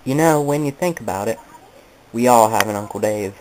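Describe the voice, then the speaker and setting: A man's voice: fairly low pitch, brisk, darkish tone, rough recording. A man telling a rambling comedic monologue, meandering and correcting himself in a mock-nostalgic way. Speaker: comedic storyteller.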